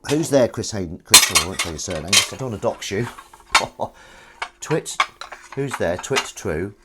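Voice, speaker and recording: A man's voice: lowish voice, expressive, moderate pace. Playful English man chatting over clattering dishes. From England. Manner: playful, rambling, punning with viewers. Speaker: livestream host reading chat. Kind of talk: casual chat while washing up. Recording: dish clatter and noise behind. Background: clattering dishes and cutlery.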